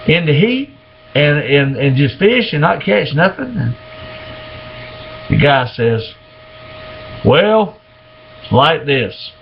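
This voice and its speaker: A man with a drawl tells dirty jokes slowly, slipping into the characters' voices. His voice is gravelly and a little high, and it swings widely in pitch. The recording is dull and lo-fi, with a faint hiss underneath. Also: big pitch swings. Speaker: joke teller.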